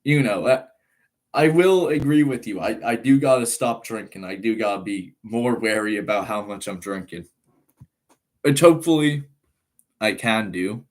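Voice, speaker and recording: This laid-back live-streamer is a nineteen-year-old man from Ireland whose accent sounds American. His lowish voice moves at normal speed as he rambles, reads chat aloud, and scatters laughs and fillers throughout.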